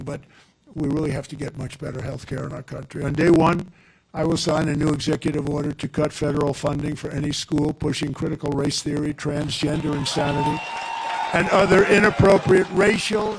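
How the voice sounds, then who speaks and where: An older man with a husky, somewhat high voice speaks into a podium microphone at a campaign rally, outdoors or in a large venue. His speech rambles and digresses, and he repeats his points for emphasis.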